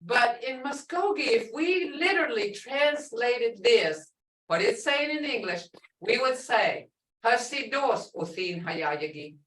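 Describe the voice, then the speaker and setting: Teacher, woman, middle-aged, twang, high and animated but slow, mic a bit far in a roomy hall. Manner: lively, drawn-out teaching with slow spelled-out phrases. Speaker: language teacher. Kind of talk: classroom language lesson. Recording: echoey room, voice a bit off-mic.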